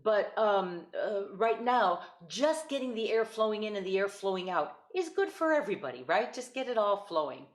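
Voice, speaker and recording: A woman's voice: medium pitch, big pitch swings, normal speed, hardly any pauses, roomy sound. A woman teaching an online voice lesson, patient and encouraging, demonstrating vocal exercises over a video call.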